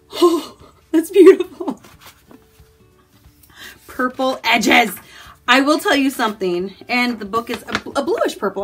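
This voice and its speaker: Chatting in a mid-range, husky voice with a sharp edge, a married adult woman from the U.S. eagerly opens a book subscription box. She gasps and adds brief asides as each item comes out.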